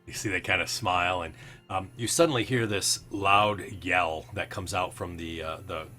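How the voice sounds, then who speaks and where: A man's voice: low-pitched, normal speed, pushed and bright. A man narrating as game master, rambling with many fillers. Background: faint background music.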